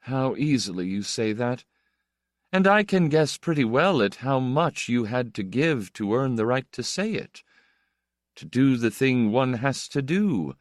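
A man's voice: medium pitch, very animated, unhurried, no room sound, studio quality. A man voicing an anguished young male poet who talks with bitter, self-mocking intensity. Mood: weary.

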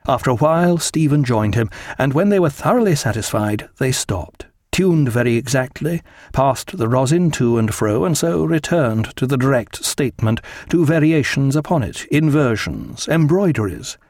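A man narrating a historical sea novel as an audiobook, measured and expressive. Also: mid-range voice, no echo, studio quality.

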